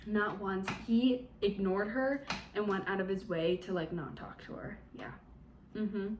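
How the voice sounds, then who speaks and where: A woman's voice: mid-range voice, steady tone, measured pace, a little hiss or hum. A young woman recapping a book for a vlog in a chatty, sarcastic way, full of fillers. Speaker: book reviewer.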